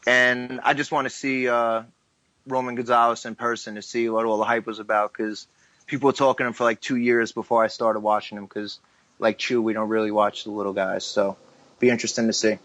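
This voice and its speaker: A man's voice: medium pitch, level tone, fairly quick, fairly bright tone, no echo. A man in a casual podcast chat, laid-back and teasing the others. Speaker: podcast regular.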